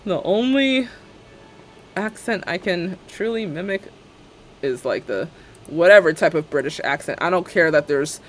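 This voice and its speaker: A woman's voice: lowish voice, lively intonation, unhurried. A young woman live-streaming a building game, chatting casually and sarcastically and laughing often.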